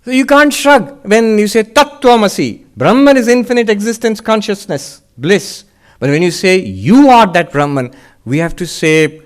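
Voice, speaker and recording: Higher-voiced man giving a spiritual lecture. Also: normal speed. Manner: explains step by step, voicing the listener's doubts; lively, with rhetorical questions and chuckles. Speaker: monk and Vedanta teacher.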